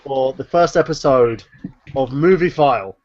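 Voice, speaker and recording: A man's voice: medium pitch, normal speed. A man, teasing and wisecracking in a casual live-stream group chat. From London. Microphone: online voice chat. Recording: muffled lo-fi voice chat.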